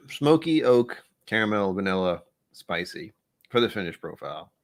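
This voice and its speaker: Laid-back rambling man, low voice. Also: big pitch swings, moderate pace. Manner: rambling, offhand, thinks aloud. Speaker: livestream host. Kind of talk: casual whiskey-tasting livestream chat.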